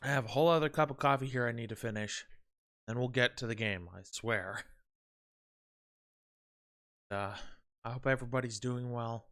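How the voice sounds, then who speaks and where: A man's voice: mid-range voice, brisk, fairly bright tone. Rambling streamer man, chatty and casual. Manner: rambling, chatty, self-interrupting. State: a bit out of breath.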